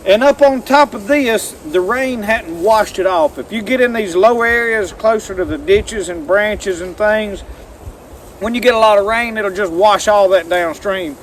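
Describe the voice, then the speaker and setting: A man's voice: sits high, a little hiss or hum. Folksy man outdoors in the woods. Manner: folksy, rambling, talks to the viewer as "y'all". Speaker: outdoor vlogger. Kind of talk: casual outdoor demonstration. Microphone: handheld camera mic.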